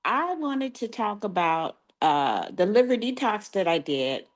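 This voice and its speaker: A woman's voice: medium pitch, big pitch swings, unhurried. A grandmother telling a chatty personal story on a video call, laughing now and then. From California. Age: older. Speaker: caller sharing a testimonial. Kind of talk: casual storytelling.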